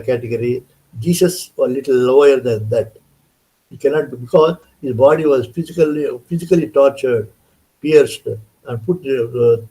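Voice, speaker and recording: A man's voice: medium pitch, warm tone, poor audio. An older man giving a rambling devotional talk, telling stories and acting out dialogue as he goes. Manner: rambling, repeats words and restarts, acts out quoted dialogue. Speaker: devotional speaker. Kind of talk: storytelling spiritual talk.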